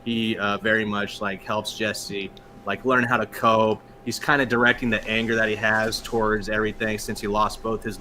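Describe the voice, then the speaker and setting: A man's voice: on the low side, pushed and bright, a little hiss or hum. A man talking loosely as a guest in a casual chat, swearing freely and using many fillers. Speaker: guest comic creator.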